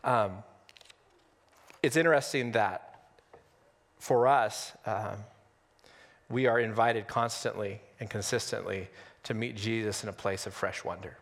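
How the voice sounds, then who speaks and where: A male pastor preaching an Easter sermon in a conversational, humorous way, with dramatic pauses. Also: lowish voice, big-room sound. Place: church sanctuary on Easter Sunday.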